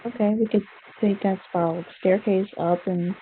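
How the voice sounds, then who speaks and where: A woman's voice: mid-range voice, steady tone, moderate pace, narrow, tinny audio, slight background noise. A woman playing a tabletop game, stating her character's actions briefly and plainly. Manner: brief, matter-of-fact declarations of actions. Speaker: player.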